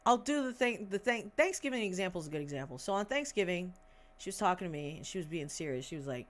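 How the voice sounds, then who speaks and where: A woman's voice: fairly low pitch, animated, quick pace. A woman in her twenties chatting on a livestream. She rambles bluntly, swears, and makes sarcastic asides while searching for things aloud. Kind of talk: casual livestream chat.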